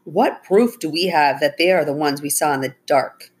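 A woman's voice: sits low, normal speed, slightly rough. A woman voicing a doubtful father questioning the children.

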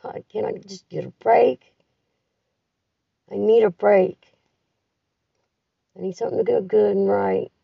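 A woman's voice: mid-range voice, fairly even intonation, measured pace, creaky, long pauses, husky, dry recording. A middle-aged woman leaving a raw, profane voice message, bitter, grieving and tired. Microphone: phone voice recording. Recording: dull lo-fi phone audio, distant from the mic.

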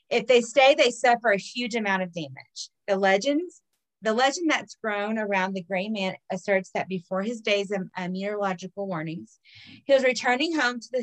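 A woman tells local folk legends in a loose, chatty podcast style. She reads a passage and then breaks in with cursing asides. Her voice sits at a middling pitch. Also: fairly bright tone, low-quality recording. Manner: swears freely, reads legends then riffs on them. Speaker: podcast co-host telling folklore stories. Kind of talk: casual storytelling chat.

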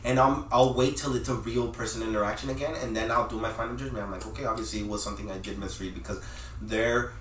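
Twenties guy thinking out loud, rambling, echoey room, off the mic a bit. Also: lowish voice, steady tone, quick pace. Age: 20s. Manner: reflective, rambling, self-analyzing. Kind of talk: casual podcast chat. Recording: echoey room, mic at a distance, faint hiss.

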